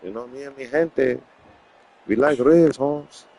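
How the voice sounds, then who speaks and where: A man voicing a laid-back streetwise homeboy with a slow, teasing drawl. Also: mid-range voice, gravelly, dark tone, voice pushed up. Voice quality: drawling, calls everyone homie and vato.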